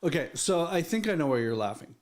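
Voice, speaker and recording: A man's voice: on the high side, big pitch swings, fairly quick. Man hosting a casual chat. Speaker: host. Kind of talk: casual conversation.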